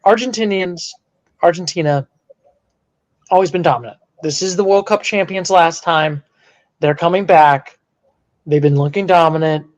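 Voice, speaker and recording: Animated high-voiced man talking sports. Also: moderate pace, long pauses. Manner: animated, bursts into mock outrage and shouting. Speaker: podcast co-host. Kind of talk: casual sports chat.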